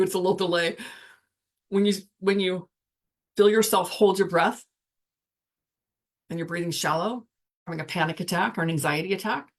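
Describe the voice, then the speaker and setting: Guiding the listener through slow breathing, a spiritual coach speaks reflectively in a casual teaching style, her voice on the low side. She often trails off mid-sentence.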